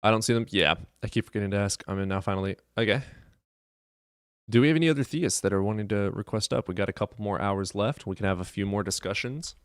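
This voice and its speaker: Male stream host at a home desk: loose, profane storyteller, low pitch, dry desk mic. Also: fast talker, clean tone, no room sound. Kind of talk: casual live-stream chat.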